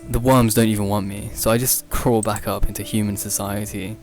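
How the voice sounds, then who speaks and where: A young man hosting a podcast, rambling through an improvised absurd comedy story, often laughing at his own jokes and leaping up in pitch when he quotes people. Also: little pitch movement, fairly quick, a little mellow, faint music behind. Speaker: podcast host.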